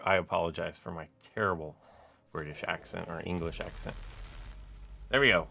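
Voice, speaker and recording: Low creaky-voiced guy rambling through game commentary, lots of likes and uhs. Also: a bit bright. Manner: rambling, full of "like" and "uh" fillers. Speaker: gaming YouTuber. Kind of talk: casual gameplay commentary.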